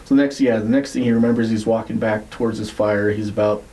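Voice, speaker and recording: Mellow-voiced man spinning a casual yarn. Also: fairly low pitch, steady tone, fast, poor audio. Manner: loose, rambling retelling with frequent "like" and swearing. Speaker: podcast host. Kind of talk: casual storytelling.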